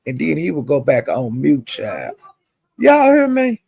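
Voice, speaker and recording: Gossipy vlogger man with a gravelly, raspy voice, slightly high, dry close sound. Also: a little slow, no echo. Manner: chatty, calls listeners honey and child; animated retelling, mimics others' quotes. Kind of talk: gossipy storytelling.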